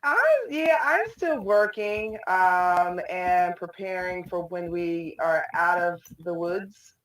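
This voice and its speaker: A woman's voice: fairly low pitch, takes it slowly, a little hiss or hum. A woman guest in a casual online interview, answering thoughtfully with many ums. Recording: echoey room, distant mic.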